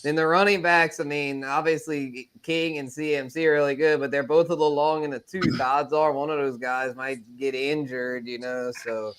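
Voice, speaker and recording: Bright-voiced man in a fantasy football chat. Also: mid-range voice, clean tone. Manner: joking, laughs often, rattles off player names. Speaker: fantasy football podcast co-host. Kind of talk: casual chat.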